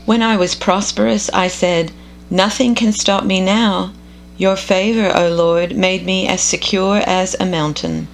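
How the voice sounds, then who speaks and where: A woman reading scripture aloud in a measured, contemplative devotional style. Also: mid-range voice, fairly even intonation, a little hiss or hum, poor audio. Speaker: scripture reader.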